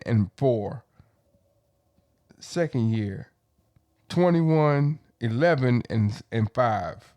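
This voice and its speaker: A man on a podcast in a heated casual sports debate, reading numbers off slowly with stops and restarts. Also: mid-range voice, warm tone. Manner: hesitant, reads stats off his phone with restarts.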